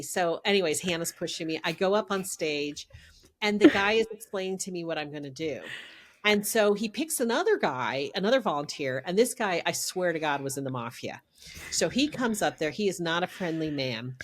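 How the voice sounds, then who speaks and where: A middle-aged woman, a podcast guest, telling a story in a lively, casual way and laughing as she goes. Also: fairly low pitch.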